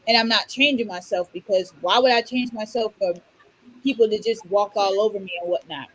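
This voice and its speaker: A young woman from Orlando who tells stories in a blunt, animated way, swearing freely in casual podcast chat. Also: mid-range voice, brisk, breathy edge, low-quality recording. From Orlando, Florida. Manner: blunt, animated storytelling with profanity.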